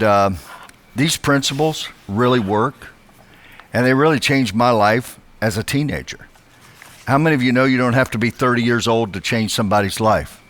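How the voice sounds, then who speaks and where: A man's voice: medium pitch, fairly bright tone. A middle-aged man giving a chatty motivational church talk, greeting people by name. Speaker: guest speaker.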